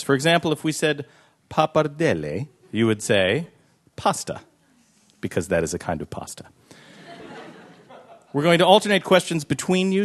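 Deadpan man quizzing contestants live. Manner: dry, deadpan joking with lively pitch swings. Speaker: co-host and musician running a quiz game. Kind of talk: live quiz show banter before an audience. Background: audience laughter.

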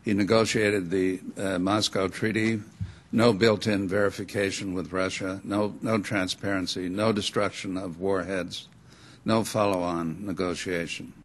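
An older man with a very low voice speaks emphatically in an interview. He pauses and fills gaps with "uh" while building his points. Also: flat delivery.

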